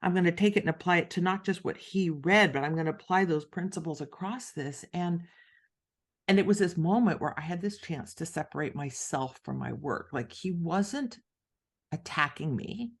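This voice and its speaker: A woman's voice: lowish voice, moderate pace. A middle-aged woman, an author and podcast guest, telling a story in conversation and acting out the voices of the people in it. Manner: animated, acts out quoted voices.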